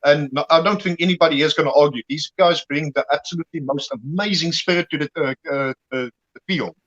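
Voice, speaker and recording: South African male guest, slightly high voice, earnest, dull lo-fi audio. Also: a little fast. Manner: earnest, warm praise of other players. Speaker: guest player. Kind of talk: casual live-stream chat.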